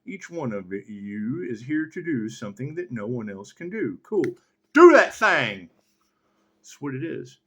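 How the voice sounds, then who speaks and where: Animated, profanity-laced man rambling. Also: mid-range voice, measured pace. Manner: profane, laughs often, swings between loud and muttered. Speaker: tarot reader. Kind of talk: rambling spiritual monologue.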